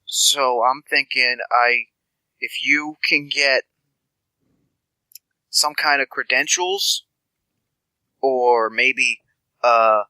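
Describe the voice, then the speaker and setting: A man's voice: mid-range voice, drawn-out words, pauses often, pushed and bright, dry recording, heavily acted, poor audio. A man voicing a scatterbrained, spindly male street informant who rambles and stammers affectionately. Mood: rambling.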